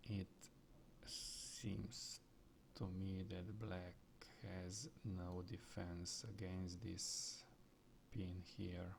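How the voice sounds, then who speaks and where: Slow, gravelly man thinking aloud. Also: sits low, level tone. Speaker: chess streamer solving puzzles. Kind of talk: live puzzle-solving commentary, thinking aloud. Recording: faint background noise.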